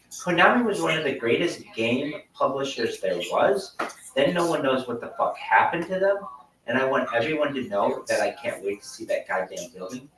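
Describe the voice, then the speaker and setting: A man's voice: medium pitch, a bit bright, reverberant, distant mic, poor audio. A young man doing over-the-top, profane, mock-grandiose hype commentary on a livestream.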